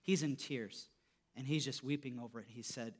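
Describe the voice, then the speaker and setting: A man preaching a sermon, telling a story, his voice dropping soft for quotes and rising when he stresses a point. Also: moderate pace. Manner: storytelling, voice drops low for quoted lines and rises when emphatic. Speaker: pastor.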